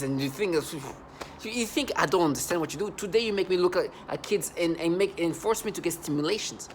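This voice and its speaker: Guy on a worked-up rambling vlog rant, keeps repeating and restarting, faint hum behind. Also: a little high. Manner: agitated, repetitive, stumbling restarts. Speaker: vlogger. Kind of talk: angry monologue to the camera.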